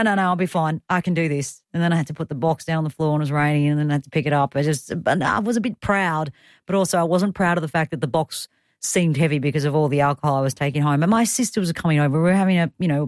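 A woman's voice: low-pitched, no room sound, studio quality. A woman in her thirties with an Australian accent, hosting talkback radio in a chatty way with self-deprecating asides. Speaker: radio host.

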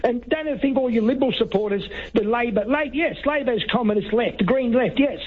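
A man's voice: very high-pitched, fast talker, husky. Irate man calling in on a tinny phone line. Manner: argumentative, repeats words, talks over the host. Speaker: radio caller. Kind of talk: heated talkback radio call.

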